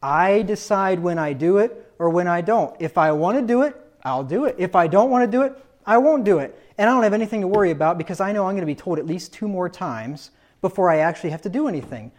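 A man's voice: high voice, expressive, fast, darkish tone. A preacher putting on a smug young child who knows he can ignore his parents. The voice talks through his own cunning plan to disobey, staying close to the preacher's everyday speaking voice. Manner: smug, scheming inner monologue.

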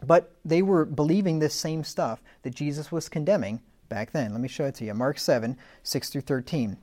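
A man's voice: a little high, animated, a little fast, hardly any pauses, darkish tone. A man giving a teaching talk. He reads old scripture aloud with rising emphasis and slips into plain, conversational asides with fillers between readings. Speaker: Bible teacher.

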